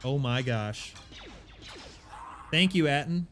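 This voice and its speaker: A man streaming a game from his apartment, chatting casually into a desk mic, self-deprecating and full of quick asides. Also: mid-range voice, animated, fairly bright tone, soft background music. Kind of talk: casual live-stream chat. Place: home apartment. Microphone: desk microphone.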